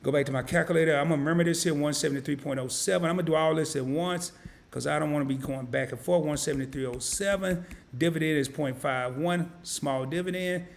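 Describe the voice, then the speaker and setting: Folksy man with a gravelly voice. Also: a little high, fast. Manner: casual and folksy, talks to viewers as y'all; thinks aloud while clicking, self-correcting. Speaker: investing channel host. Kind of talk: live-stream screen-share tutorial.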